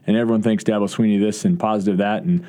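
Fast-talking low-voiced coach. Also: male voice, fairly even intonation, dark tone. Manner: quick, earnest talk with restarts and fillers. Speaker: college football coach. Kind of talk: podcast interview.

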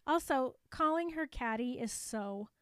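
A high-voiced woman retells a movie in a casual chat, bubbly and quick to giggle. She acts out each character's lines as she goes. The sound is close and dry. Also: animated, a bit bright, smooth, no echo.

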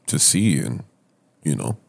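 Deep-voiced laid-back podcast man. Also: very animated, a little slow, gravelly, darkish tone, husky. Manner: laid-back listener, short backchannels and probing questions. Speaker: podcast co-host. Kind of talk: casual chat.

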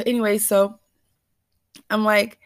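A woman's voice: mid-range voice, little pitch movement, slow pace, no room sound, clean studio sound. A woman vlogger telling a rambling, anxious, self-questioning story straight to her viewers. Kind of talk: casual confessional storytelling.

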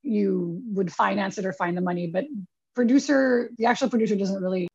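A woman's voice: medium pitch, fairly even intonation, fairly quick, a little mellow, husky. A young woman, a film producer, chatting as a guest in a casual, self-deprecating way, full of "like", in a dull lo-fi recording. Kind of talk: casual interview storytelling.

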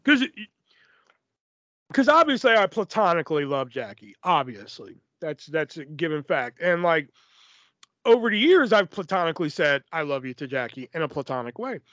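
Man, podcast host, high lively voice, profane, rambling casual storytelling, dull dry recording. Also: moderate pace, no room sound. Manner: profane, rambling, filler-heavy.

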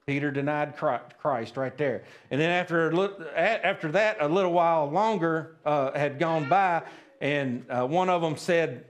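A man's voice: fairly high pitch, moderate pace. A man preaching a sermon at a church service, plain-spoken and folksy, often checking in with the congregation. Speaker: pastor.

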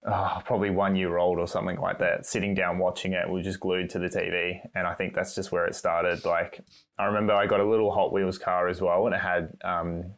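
A man from Australia with an Australian accent, a podcast guest talking in a relaxed, easygoing way and laughing easily. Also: low voice, brisk. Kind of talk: casual chat.

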